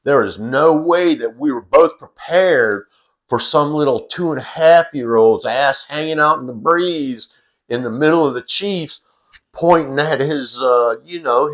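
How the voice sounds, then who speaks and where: A man's voice: fairly high pitch, measured pace, fairly bright tone, poor audio. A middle-aged man, casually telling a funny personal story as a vlogger, folksy and profane, full of "you know" asides.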